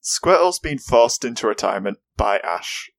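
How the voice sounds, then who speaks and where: A woman's voice: very deep voice, expressive, normal speed. A woman co-hosting a podcast in casual chat, with a wry, dramatic way of talking. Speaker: podcast co-host.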